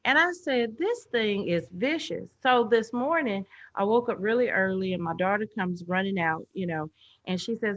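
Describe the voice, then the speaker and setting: A woman's voice: medium pitch, moderate pace. A middle-aged woman telling personal stories in a casual video chat, acting out the voices of the people she quotes. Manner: animated storyteller, acts out quoted voices. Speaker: guest. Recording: dull lo-fi online stream audio.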